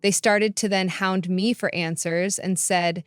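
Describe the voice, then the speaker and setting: A woman's voice: mid-range voice, steady tone, unhurried, few pauses, no echo. A woman reading a first-person story in a matter-of-fact narration. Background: faint background music.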